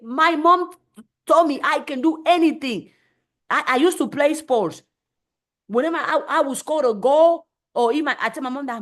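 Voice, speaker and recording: A high-voiced woman runs a motivational live stream at a normal pace, animated and fairly bright in tone. She drives her points home emphatically by repeating phrases and often slips into acted voices when quoting people.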